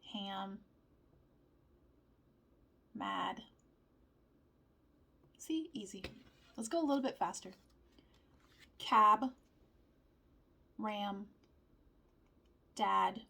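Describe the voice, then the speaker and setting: A woman teaching vowel sounds, reading word lists aloud slowly with calm pauses. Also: mid-range voice, creaky. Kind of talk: slow word-by-word vowel practice.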